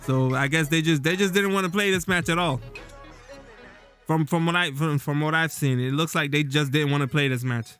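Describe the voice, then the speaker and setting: Man, fan vlog host, rambling casual talk, slightly high voice, faint music underneath. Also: moderate pace, fairly bright tone. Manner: rambling, loose, with many fillers and restarts. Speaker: football vlogger. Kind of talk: casual solo commentary.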